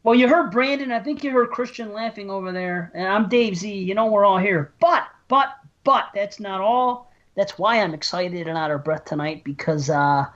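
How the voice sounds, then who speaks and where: A man co-hosting a podcast, excitable and out of breath, joking and swearing in casual chat. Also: high-pitched, highs cut off. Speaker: podcast co-host.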